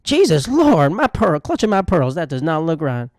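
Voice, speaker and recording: A man putting on a shrill scandalized flight attendant. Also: big pitch swings, normal speed, darkish tone, no echo, clean studio sound. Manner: shrill, pearl-clutching outrage. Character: flamboyant Southern gay male flight attendant, scandalized.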